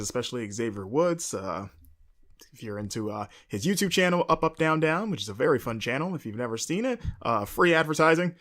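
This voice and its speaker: A man hosting a podcast, talking through a casual recap and rambling with frequent hesitations and fillers. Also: medium pitch. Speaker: podcast host.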